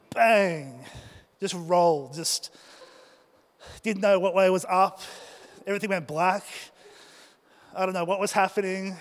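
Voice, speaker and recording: High-voiced man telling a story in a hall. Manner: animated, acts out his own thoughts and shouts. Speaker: speaker addressing a live audience. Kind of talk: personal storytelling talk. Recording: reverberant hall.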